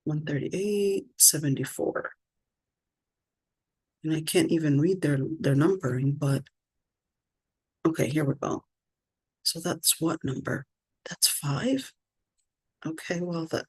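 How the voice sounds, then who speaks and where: Woman, middle-aged, lowish voice, online scripture teacher, thinks aloud. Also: darkish tone, slightly rough. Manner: thinks aloud while working her screen; slows to stress questions. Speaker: religious teacher.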